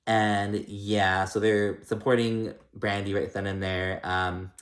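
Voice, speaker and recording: Male vlogger, lower register, loose profane gossip tone, recorded in a roomy space. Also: flat delivery, slow. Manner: chatty and gossipy, heavy "like" and "um", swears freely. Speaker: reality TV recap vlogger. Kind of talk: casual episode recap.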